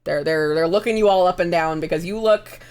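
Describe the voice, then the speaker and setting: A woman's voice: lowish voice, a little fast, a little mellow. A woman narrating as game master, casual and chatty, with frequent laughs and fillers.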